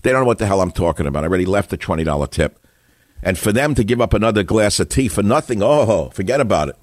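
An older man hosting a talk radio show, ranting combatively about politics and telling stories, with his voice often jumping up high. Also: lively intonation, fast, no echo, clean studio sound. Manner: combative, ranting, storytelling with sudden rises in pitch.

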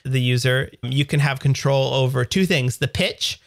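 A man's voice: mid-range voice, normal speed, creaky, no room sound, studio quality. A Canadian man in his thirties co-hosting a podcast, explaining things in an upbeat, jokey way with lots of examples. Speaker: podcast co-host. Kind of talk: casual tech chat.

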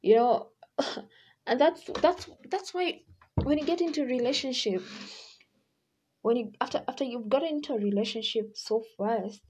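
A woman's voice: a little high, moderate pace, pauses often, darkish tone, a little hiss or hum. A woman hosting a podcast, talking in a casual advice monologue, chatty and acting out quoted voices. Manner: chatty, acts out quoted voices, laughs often. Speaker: podcast host.

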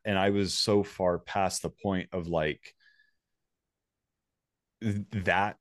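A man's voice: deep voice, fairly even intonation, slow, long pauses, no echo, studio quality. A man casually telling a personal story, rambling and swearing freely.

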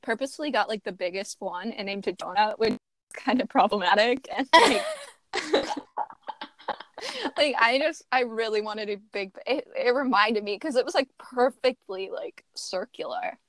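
A young adult woman from northeastern Ohio co-hosting a podcast, chatty and quick to laugh. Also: a little high, fairly bright tone. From northeastern Ohio, USA. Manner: bubbly, laughs often, chatty. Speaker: podcast co-host. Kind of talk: casual chat.

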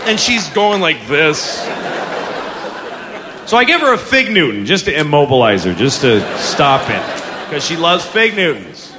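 A man's voice: a little high, big pitch swings, measured pace, in a large hall, a crowd in the background. Exasperated profane stand-up man. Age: 40s. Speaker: stand-up comedian. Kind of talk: stand-up comedy. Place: comedy club stage. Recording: live audience laughter, noisy club.

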